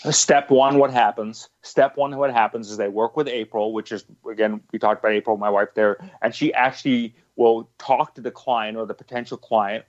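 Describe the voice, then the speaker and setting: A man's voice: mid-range voice, fairly even intonation, moderate pace, hardly any pauses, highs cut off. A man answering interview questions about his business, emphatic and repetitive, often restarting his sentences. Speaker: guest, business owner.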